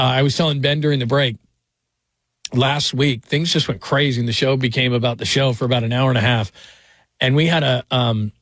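A man's voice: mid-range voice, fairly bright tone, husky, no echo. A man hosting a sports talk radio show, chatting casually and rambling through stories with small laughs. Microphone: studio microphone.

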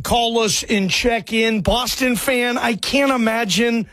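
A man hosting a late-night sports call-in radio show, loose and fired up, sometimes shouting. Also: very high voice, unhurried, hardly any pauses, no room sound, clean studio sound. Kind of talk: energetic call-in radio talk.

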